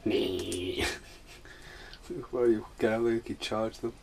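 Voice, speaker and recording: A man with a lowish voice talks over a film in a loose, rambling commentary, laughing often. His words come out slightly slurred and he sounds hurt and in pain. A faint hum sits under the talk. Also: steady tone, takes it slowly, creaky, a little mellow. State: slurred speech; injured, in pain. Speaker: podcast host.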